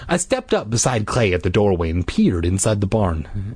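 A man reading a children's horror book aloud in an animated way, with jokey beer-drinking asides. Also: on the low side, normal speed, slightly rough, dry recording. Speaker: reader.

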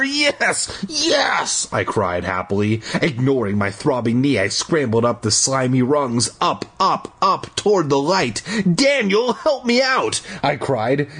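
A husky man of medium pitch, an amateur audiobook reader, gives a casual read-aloud peppered with crude jokes. His commentary is irreverent, profane and jokey.

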